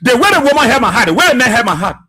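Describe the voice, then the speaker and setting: A man's voice: very high-pitched, big pitch swings, very fast, pushed and bright, slightly rough. A man giving emphatic, repetitive political commentary as a radio talk show host.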